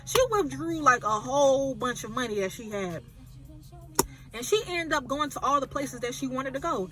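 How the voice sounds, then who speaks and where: A woman movie reviewer retelling a film plot in an animated, chatty way. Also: high voice. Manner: animated, chatty storytelling with fillers.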